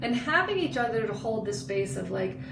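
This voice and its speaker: A woman's voice: fairly high pitch, brisk, creaky. A woman in her forties, co-hosting a podcast, telling a candid personal story and acting out the voices in it. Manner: expressive, acts out quoted dialogue. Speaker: podcast co-host. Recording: roomy, distant mic with background noise.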